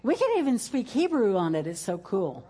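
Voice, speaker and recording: A woman's voice: mid-range voice, sing-song, normal speed, noisy background. A woman pastor speaks to her church in a folksy way, dropping in praise interjections and ending with a chanted prayer. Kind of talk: church service talk and closing prayer.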